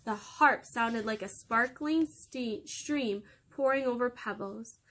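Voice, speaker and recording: A woman hosting storytime for children, reading a fairy tale aloud in a lively, expressive way. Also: fairly high pitch, slow pace.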